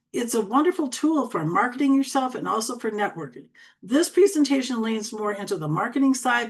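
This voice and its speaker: Chatty Upper Midwest woman in her sixties. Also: medium pitch. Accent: Upper Midwest American. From Wisconsin. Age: 60s. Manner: chatty, fast-talking and folksy. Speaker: LinkedIn coach. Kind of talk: online training presentation.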